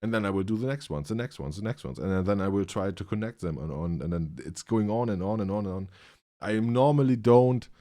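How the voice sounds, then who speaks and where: Deep-voiced man with a German accent. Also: lively intonation, warm tone, no room sound, studio quality. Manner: halting, restarts sentences, searches for words. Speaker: reaction video host. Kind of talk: casual commentary. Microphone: studio dynamic microphone.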